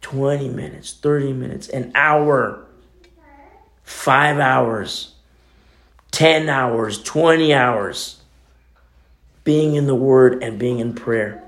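A middle-aged man preaching a sermon in a conversational way, his voice swinging between loud emphasis and near-quiet asides. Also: mid-range voice, slow, long pauses. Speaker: pastor.

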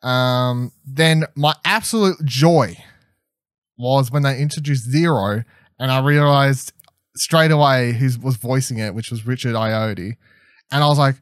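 Co-hosting a podcast review of a TV episode, a young man talks casually with eager, rambling energy and lots of fillers and false starts. His medium-pitched voice is unhurried. The sound is dry and close, with no room sound.

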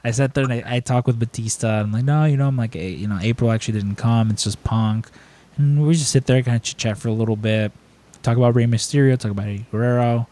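Guy rambling through con stories on a podcast, mid pitch, does goofy high voices for other people. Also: fast. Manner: rambling, animated, acts out quotes in raised voices. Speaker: podcast host. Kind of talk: casual storytelling chat.

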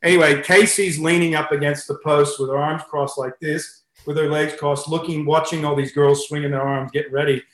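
A man's voice: on the high side, level tone, fairly quick, hardly any pauses, echoey room. A middle-aged Australian man, a swimming coach being interviewed, who chats casually and tells stories with many fillers and restarts. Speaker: head swimming coach, guest.

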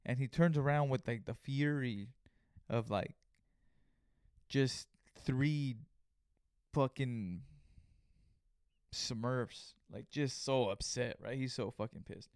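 A man's voice: mid-range voice, slow pace, pauses often, clear, resonant tone, no echo. Man, young, casual swearing storyteller, mid-range voice, dry recording. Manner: profane, animated retelling with acted-out quotes. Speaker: podcast host.

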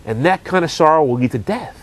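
Man, sermon, earnest preacher, rhetorical questions, slightly high voice, lively pitch. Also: fast.

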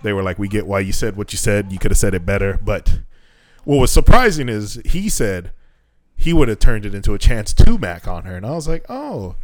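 A man co-hosting a podcast, telling stories in a casual, profane and animated way. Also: on the low side, a little fast, dry recording. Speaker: podcast co-host. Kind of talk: casual chat. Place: Japan.

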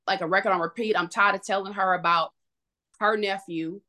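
A woman guest on a podcast, telling a painful personal story in an emotional, halting way, full of restarts. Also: medium pitch, steady tone, pushed and bright.

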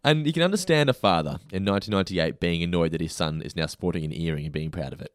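A man's voice: deep voice, quick pace, clean tone. A man in his thirties hosting a podcast in casual chat, laughing easily and stumbling over words. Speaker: podcast host.

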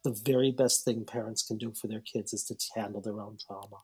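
A man, a psychologist and author guesting on a podcast, telling a story in a rambling, animated way and acting out the quotes. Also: lowish voice, fairly quick, slightly rough. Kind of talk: storytelling in a casual interview.

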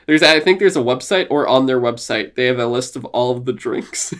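A young man co-hosting a podcast in casual chat, excited and swearing often, laughing and putting on silly voices. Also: medium pitch, a little fast. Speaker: podcast co-host.

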